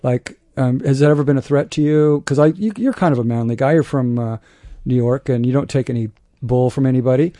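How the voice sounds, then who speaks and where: A man's voice: medium pitch, brisk, mellow, dry recording. A man hosting an interview in a studio, talking casually and supportively with some hesitation. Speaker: host. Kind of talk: interview conversation.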